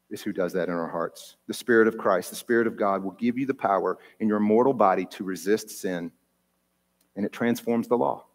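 A man's voice: fairly low pitch, a little mellow. A man pastor preaching an earnest, personal sermon, his voice rising with feeling at its peaks. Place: church sanctuary. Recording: long church hall reverb.

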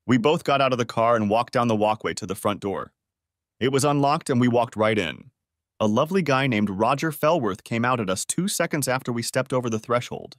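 Lively male story narrator, dry sound. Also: medium pitch, brisk, dry recording. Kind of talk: first-person scripted story narration.

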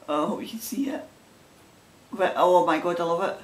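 A Scottish knitting vlogger with a lowish voice chats casually while showing items to the camera, rambling and laughing often. She's in a roomy space, picked up by a distant mic with faint background noise.

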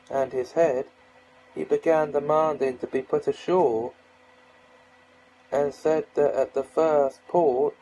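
A male reader narrating a children's novel. He takes his time with every phrase, his voice dark and mellow. The delivery is steady and measured, like bedtime storytelling. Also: medium pitch, slightly rough, rough recording. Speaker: audiobook reader. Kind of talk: reading a novel aloud.

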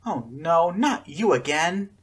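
A man's voice: a little high, lively intonation, slow, a bit bright, husky, voice pushed up, heavily acted. A man voicing a frightened, tearful girl pleading in a storybook. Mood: distressed.

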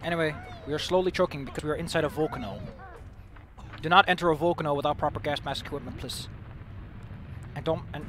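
A man streaming a game, joking and mocking himself, with sudden loud outbursts. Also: a little high, fast talker, long pauses. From Netherlands. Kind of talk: casual gameplay commentary. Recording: game music playing behind.

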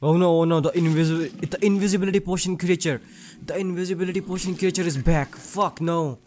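A man's voice: high voice, fast, slight background noise. Jokey young man commenting on gameplay. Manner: jokey, excitable, swears. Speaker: gaming channel host.

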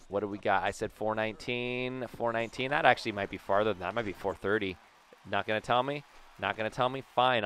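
Excitable young man with a smooth voice. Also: fairly low pitch. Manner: excitable, jokey, bursts into loud cheers and yells. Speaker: gaming YouTuber. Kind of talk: casual gameplay commentary.

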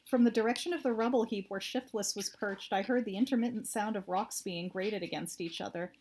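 A woman reads a first-person story aloud as an audiobook. Her narration is steady and plain, at a middle pitch. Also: brisk, a little hiss or hum. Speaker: audiobook reader.

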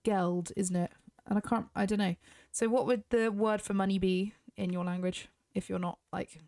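British woman gamer, casual chatty commentary, close dry sound, mid-pitched. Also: no echo. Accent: British English. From Britain. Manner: chatty, talks straight to viewers. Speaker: gaming YouTuber.

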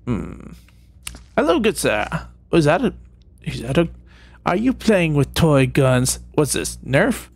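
A man's voice: on the high side, very animated, takes it slowly, creaky, darkish tone. A man giving playful, rambling gameplay commentary, tossing jokey mock-sinister asides at game characters. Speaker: gaming video creator.

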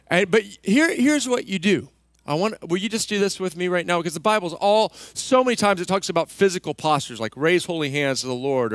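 A man pastor preaching a sermon in a conversational, self-deprecating way, going soft and slow when he leads prayer. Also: a little high, no echo.

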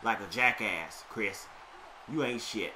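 A man's voice: lowish voice, slow, background noise. A man commentating his own video game match, brash and profane, trash-talking his opponent in casual chat. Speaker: gameplay commentator.

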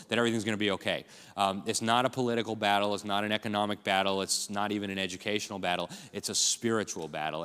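A fast, urgent man delivers a rallying speech from a conference stage. His voice rings out with a long hall reverb behind it. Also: fairly low pitch, a bit bright, clear, resonant tone. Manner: urgent, rallying, addresses crowd as folks. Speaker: conference speaker.

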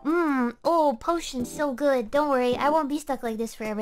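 A woman's voice: sits high, moderate pace, hardly any pauses, in a large hall. A woman streaming in a playful, hammy way, with squealing outbursts and mock drama. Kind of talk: playful livestream chat.

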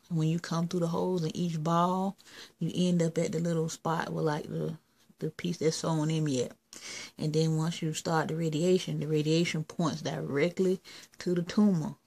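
A woman's voice: deep voice, vocal fry, a little mellow, husky. A woman giving a casual vlog update, rambling and plainspoken, with a sore throat. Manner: rambling, plainspoken, explains step by step. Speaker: vlogger.

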